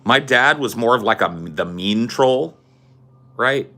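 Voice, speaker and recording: A young man talking on a podcast in a loose, rambling way. He swears casually and fills the gaps with lots of fillers. His voice sits at an ordinary middle pitch for a man. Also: lively intonation, slow pace, bright, forceful tone. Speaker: podcast host. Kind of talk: casual storytelling chat.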